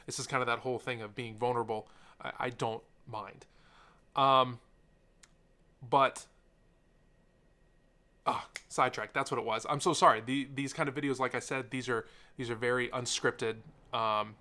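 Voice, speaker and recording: A young tech YouTuber sits facing the camera and talks unscripted, earnest and openly emotional, rambling with lots of fillers and sidetracks. His mid-range voice sounds pushed and bright, with fairly even intonation, a moderate pace, and long pauses. The camera's own mic picks him up.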